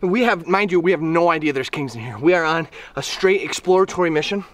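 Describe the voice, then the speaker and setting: A man's voice: fairly high pitch, quick pace, fairly bright tone, recorded from a distance. A young man vlogging while fishing on a river, out of breath and shaking, exclaiming and repeating himself. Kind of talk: excited outdoor vlog narration. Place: outdoors by a river.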